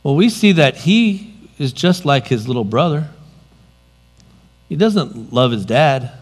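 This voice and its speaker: A man preaching a sermon, expressive, moving between loud emphasis and quiet, dropped asides. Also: a little high, unhurried.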